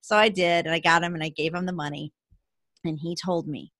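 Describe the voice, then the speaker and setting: A woman's voice: fairly low pitch, a little fast, no room sound. A woman in her forties hosts a casual podcast conversation. She tells stories with energy and acts out the quotes. The recording is dry and close. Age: 40s. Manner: animated storyteller, acts out quotes with laughs. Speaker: podcast host. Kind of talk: casual storytelling in an interview.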